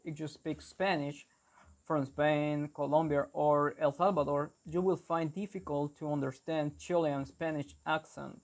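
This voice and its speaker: Slow, careful man teaching English. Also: a little high. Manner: careful, deliberate explaining with small restarts. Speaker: English teacher, channel host. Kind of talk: explanatory lesson to camera.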